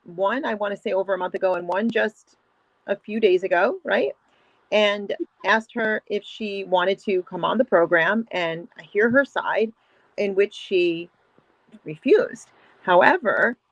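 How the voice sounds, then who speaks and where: A woman hosting an interview show, asking questions in a drawn-out way with fillers. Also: medium pitch, fairly bright tone, no room sound. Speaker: show host. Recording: dry, dull lo-fi audio.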